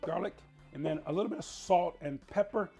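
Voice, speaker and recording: A man's voice: sits high, brisk, warm tone, breathy edge, faint music behind. A middle-aged man hosting a cooking show, chatty and playful, talking straight to his viewers as he cooks. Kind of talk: casual cooking demonstration.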